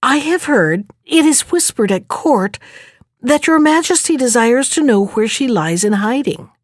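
A woman's voice: high-pitched, animated, measured pace, no echo, clean studio sound, pitched above the performer's own voice. A woman voicing a spiteful, envious young male courtier who talks slyly and wheedles. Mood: wheedling. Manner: sly, wheedling, feigning fear.

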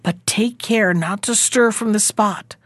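A woman's voice: mid-range voice, unhurried, a bit bright, dry recording, studio quality. A woman voicing a wise, commanding magic horse in a storybook, giving firm instructions.

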